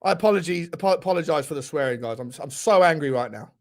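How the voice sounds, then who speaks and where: A man's voice: fairly high pitch, animated, quick pace. A young man hosting a live football watchalong, furiously ranting and swearing at the referee. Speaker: football fan channel host.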